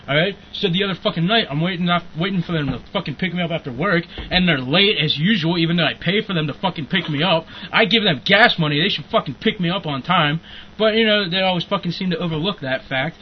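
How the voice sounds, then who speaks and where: High-voiced young man ranting with profanity. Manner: profane, rambling, bursts into angry shouting. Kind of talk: casual ranting chat. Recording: muffled lo-fi recording with faint hiss.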